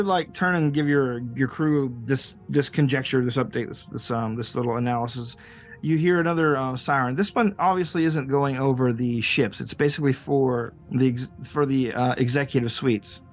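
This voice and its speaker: A man's voice: mid-range voice, normal speed, faint music behind. A man narrating as game master, hesitant and full of restarts. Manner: hesitant, many fillers and restarts.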